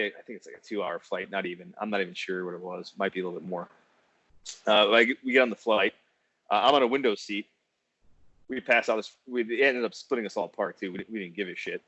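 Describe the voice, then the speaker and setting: A man hosting a podcast, telling a casual story in a profane, animated way and laughing often. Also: lowish voice, no echo. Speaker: podcast host. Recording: dull, dry lo-fi podcast audio.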